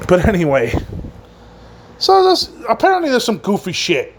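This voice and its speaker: A man's voice: sits high, wildly swooping pitch, normal speed, a little hiss or hum. A man hosting a casual wrestling podcast who rambles through a recap, swears often and laughs at his own jokes. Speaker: podcast host.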